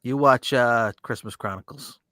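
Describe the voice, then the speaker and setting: A rambling man in his thirties co-hosts a casual round-table podcast, cursing freely and tripping over restarts. His voice is bright and forward. The sound is dry and close, with no room around it. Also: mid-range voice, moderate pace, no echo. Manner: rambling, profane, with many fillers and restarts. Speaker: podcast co-host.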